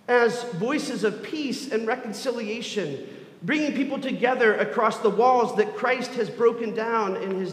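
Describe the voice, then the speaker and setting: A man's voice: extremely high pitch, a bit bright. A man preaching a sermon as a pastor, earnest and building to emphatic repetition. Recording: echoey hall.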